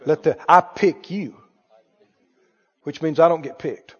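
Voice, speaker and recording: A male pastor preaching a sermon, animated, putting questions to the congregation and drawing responses. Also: a little high, takes it slowly, husky. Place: church sanctuary. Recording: muffled, reverberant church hall.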